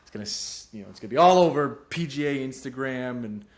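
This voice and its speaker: A man's voice: medium pitch, lively intonation, quick pace. A young man hosts a solo golf betting show in a loose, rambling way. He drifts between offhand jokes and his picks, often poking fun at himself. His voice sits in an ordinary mid range for a man. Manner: rambling and self-deprecating, jumps between serious and goofy. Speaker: podcast host giving golf betting picks. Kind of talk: casual solo commentary.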